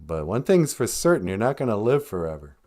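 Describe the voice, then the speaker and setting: A man hosting a comedy podcast, joking darkly in a deadpan, drawling way. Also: on the low side, a little fast. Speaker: podcast host.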